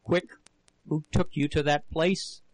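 A man playing a furious, shouting husband. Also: on the high side, fairly even intonation, slow pace, pitched above the performer's own voice. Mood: hoarse, menacing. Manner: shouting, demanding. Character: furious young working-class husband, violent temper.

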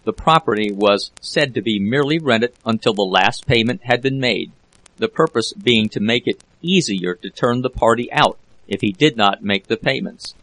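A man narrating a classic novel as an audiobook reader, in a steady, measured way. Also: medium pitch, rough recording. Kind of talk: scripted narration.

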